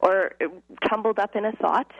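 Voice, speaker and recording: A woman's voice: medium pitch, normal speed, vocal fry, dry recording. A middle-aged woman teacher as a podcast guest, explaining in an earnest, casual way over a phone line. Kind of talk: casual interview chat.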